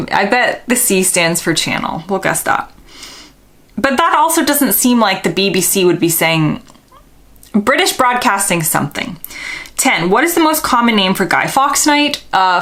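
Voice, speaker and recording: A woman's voice: mid-range voice, a bit bright. American woman thinking aloud through a quiz. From United States. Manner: thinking aloud, unsure and self-questioning. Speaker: vlogger. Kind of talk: casual quiz commentary.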